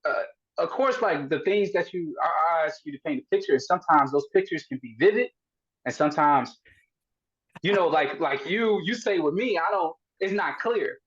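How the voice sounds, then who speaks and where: A man's voice: a little high, expressive, normal speed, a bit bright, husky, muffled recording. A man hosting a podcast, asking long, probing questions in casual chat and often restarting his sentences. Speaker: podcast host.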